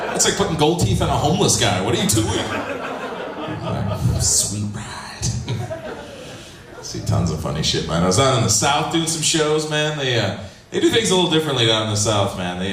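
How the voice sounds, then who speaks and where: A man performing a stand-up comedy set, loose and rambling, chuckling at his own jokes. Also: mid-range voice. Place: comedy club stage, live audience. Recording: roomy club recording from a distance, loud crowd.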